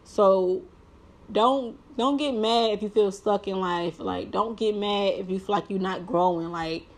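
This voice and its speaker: A woman's voice: mid-range voice, a little slow. A young adult woman talking earnestly to her viewers about personal growth, leaning heavily on "like" and giving preachy encouragement. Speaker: vlogger. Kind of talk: heartfelt personal talk to viewers.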